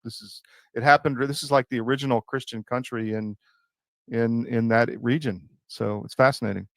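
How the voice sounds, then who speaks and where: A man hosting an interview, asking questions in a relaxed, chatty way. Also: mid-range voice, normal speed, creaky, no room sound. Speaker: host. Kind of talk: casual interview talk.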